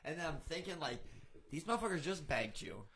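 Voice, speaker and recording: A man's voice: a little high, animated, brisk, a bit bright, breathy edge. A man hosting a podcast in casual chat, blunt and profane but sympathetic.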